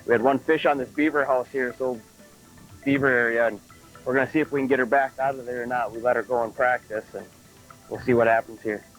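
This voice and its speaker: A man on a boat chatting about where to find bedding bass in the shallow water. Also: fairly even intonation, fast, fairly bright tone, soft background music, poor audio. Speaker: tournament angler. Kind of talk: casual on-water fishing talk. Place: on a boat outdoors on a lake.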